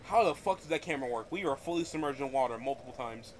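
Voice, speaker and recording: A man's voice: medium pitch, animated, fast, a little hiss or hum. A young man streaming a game, rambling bluntly and profanely while grieving. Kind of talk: casual gameplay livestream chat.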